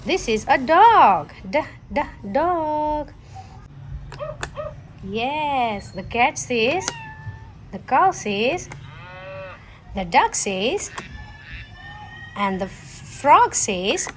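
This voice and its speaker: A young woman teaching toddlers, asking questions in a slow singsong way. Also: high-pitched, very animated, slight background noise. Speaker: children's teacher.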